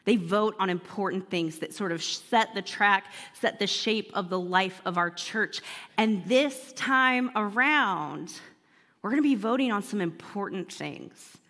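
A woman pastor telling a personal story in an animated, humorous sermon, laughing as she goes. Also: mid-range voice, unhurried, long reverb tail.

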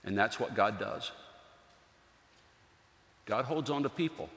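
A man's voice: on the low side, takes it slowly. A man playing Joseph, earnest carpenter father. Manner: earnest, storytelling, softens to near-hush at key moments. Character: gentle devout carpenter father, middle-aged man. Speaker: actor in a dramatic monologue. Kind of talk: first-person stage monologue. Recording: echoey hall with long reverb.

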